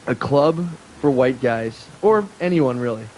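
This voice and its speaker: A man's voice: mid-range voice, lively intonation, measured pace, a little mellow, slight background noise, rough recording. A man co-hosting a podcast, telling rambling stories in casual chat, laughing often and swearing freely. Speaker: podcast co-host.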